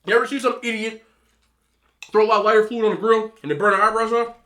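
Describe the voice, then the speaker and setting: A man in his thirties eating on camera, giving emphatic, animated relationship advice to other men and telling stories in a casual chat. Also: sits high, fast talker. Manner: storytelling with repeated disapproving hums. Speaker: mukbang vlogger.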